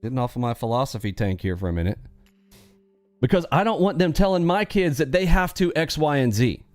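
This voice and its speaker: A man's voice: mid-range voice, sing-song, brisk, dry recording. Blunt, ranting male stream host. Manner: blunt, preachy, laughs often. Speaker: live trading stream host. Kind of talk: casual livestream rant.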